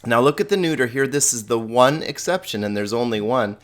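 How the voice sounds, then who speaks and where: A man's voice: mid-range voice, animated, brisk, a bit bright. A man teaching a grammar lesson, patient and explanatory, often repeating words as he restarts his sentences. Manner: holds a cat while teaching. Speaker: Greek teacher.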